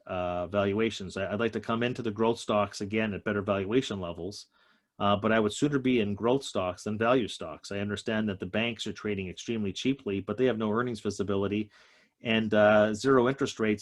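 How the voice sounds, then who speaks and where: Emphatic man, low-voiced economist. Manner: emphatic, stresses key points. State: slightly out of breath. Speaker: economist guest speaker. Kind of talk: economic talk to a group.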